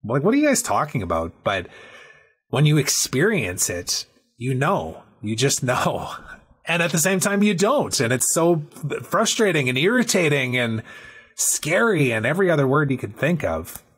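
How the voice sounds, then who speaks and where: Male podcast host, husky tone, casual and chatty storyteller. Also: on the high side, a little slow. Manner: animated storyteller, peppers talk with "right?" and "man".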